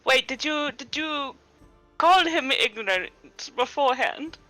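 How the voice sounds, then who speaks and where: A woman's voice: high-pitched, expressive, unhurried, sharp tone, no echo, soft background music. A woman playing a tabletop game online, narrating her character's reactions in casual chat. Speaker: player.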